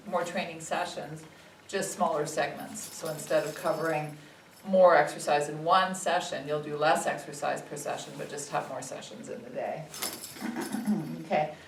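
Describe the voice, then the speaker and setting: A woman with a lowish voice explains puppy training in a calm, steady way. She sounds a little far from the mic in an echoey room. A faint noise sits underneath.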